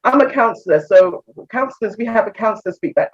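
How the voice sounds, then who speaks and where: Fast and husky, with lively intonation and few pauses, this mid-range voice belongs to an English counselor from England guesting on a casual video-call interview. She laughs a lot and acts out conversations, and the audio is muffled and lo-fi.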